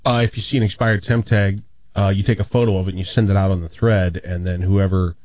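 A man co-hosting a radio show, explaining things quickly and casually in a muffled broadcast sound. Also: sits low, fairly even intonation, a little mellow, no room sound. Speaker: radio co-host.

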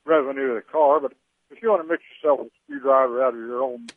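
A man's voice: medium pitch, quick pace, no room sound. Rambling male caller on a phone line. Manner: rambling, hesitant, full of fillers. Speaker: caller, train conductor. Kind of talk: phone-in chat. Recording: dry, tinny phone line.

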